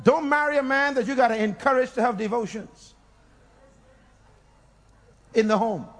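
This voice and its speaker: A male preacher. He swings between booming shouts, laughter and low teasing asides, pulling the congregation into call-and-response. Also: moderate pace. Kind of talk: sermon.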